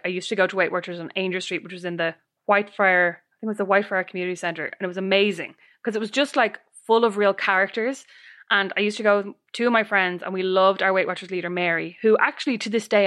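Bright-voiced woman telling funny stories. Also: medium pitch. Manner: animated, laughs often while telling stories. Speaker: podcast co-host. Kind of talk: casual chat, storytelling.

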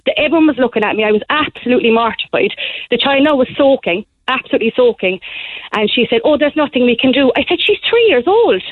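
A young woman on a tinny phone line, her voice sitting a little high. She talks in an animated, breathless rush, like a caller pouring out a story on air. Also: fast, no echo. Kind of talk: phone-in call to a radio show.

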